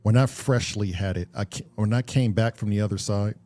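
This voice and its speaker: A man's voice: on the low side, fairly quick, warm tone. A man on a podcast talking earnestly and reflectively, swearing casually and often restarting his sentences. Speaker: podcast co-host.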